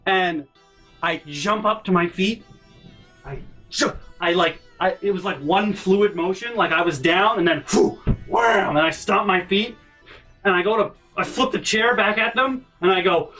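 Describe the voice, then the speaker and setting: A man telling a personal story in an animated, profane storytime rant, talking to his camera in his bedroom and shouting at the peaks. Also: high-pitched, measured pace, soft background music. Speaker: storytime vlogger. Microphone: handheld camera in his room.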